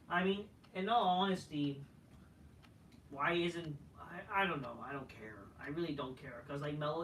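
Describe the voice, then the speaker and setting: A man rants through a wrestling review, swearing and waving things off with weary shrugs. His voice is bright, and it sounds a little far from the mic in a roomy, echoing space with faint noise behind. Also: a little high. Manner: profane, dismissive, trailing off. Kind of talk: casual ranting review.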